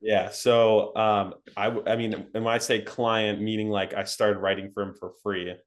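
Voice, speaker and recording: Chatty young man, low voice. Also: moderate pace. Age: young adult. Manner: animated, laughing, frequent fillers like "like" and "um". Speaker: interview guest. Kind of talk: casual storytelling interview.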